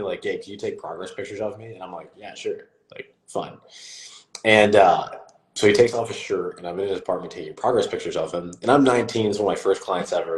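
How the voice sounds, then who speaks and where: A young man with a low, deep voice hosts a casual live stream as a fitness coach. He tells his stories with animation and puts on quoted voices with a rising pitch.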